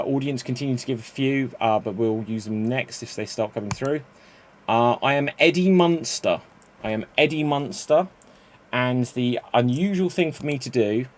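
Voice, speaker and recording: A man hosting a live-streamed improv comedy show, explaining game rules and chatting with the audience, often laughing at his own slips. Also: medium pitch.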